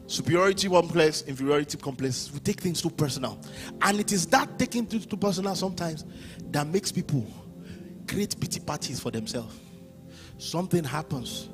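A man preaching a sermon as pastor, swinging from hushed lines to shouted ones. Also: on the high side, animated, normal speed, soft background music.

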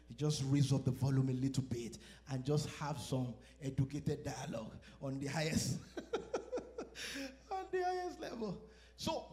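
A man preaching from the pulpit in a notably high voice. He talks animatedly and playfully, acting out both sides of conversations and laughing at his own anecdotes. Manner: animated, acts out quoted exchanges and laughs at his own stories. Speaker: pastor. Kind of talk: sermon.

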